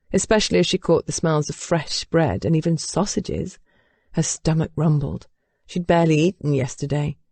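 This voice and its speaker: A woman narrates an audiobook with a lively, animated lilt and a somewhat low voice. The recording is close and dry, made on a studio microphone. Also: no echo. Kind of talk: scripted narration.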